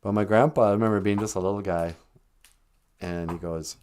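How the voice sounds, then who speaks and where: A man's voice: lowish voice, fairly even intonation, fairly quick, darkish tone, clean tone. An older man hosting a live stream, telling chatty stories and laughing often as he talks. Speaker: host. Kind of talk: casual storytelling on a live stream.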